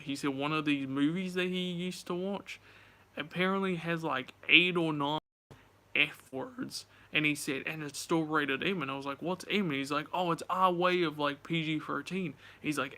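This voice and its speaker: A man's voice: fairly high pitch, pushed and bright. A young man casually telling a story to his viewers, chatty, swearing and acting out both sides of a conversation. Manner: chatty, swears, retells dialogue animatedly. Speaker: vlogger.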